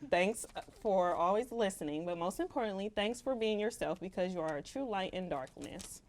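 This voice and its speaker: A woman's voice: mid-range voice, lively intonation, normal speed, darkish tone, a little hiss or hum. A young woman in casual chat, reading a heartfelt farewell letter to a co-host. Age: young adult. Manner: emotional, laughing, Southern "y'all" slang.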